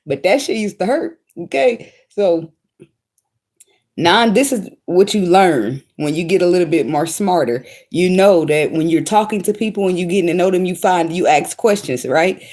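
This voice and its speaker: A woman's voice: on the low side, normal speed, darkish tone. A woman tarot reader giving casual spiritual advice in a blunt, slangy, profane monologue, often breaking into laughter.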